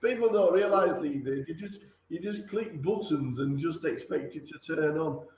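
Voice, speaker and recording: High-voiced male interviewer, roomy sound. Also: normal speed, darkish tone. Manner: encouraging, short reactions. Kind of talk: casual interview. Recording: roomy with faint noise.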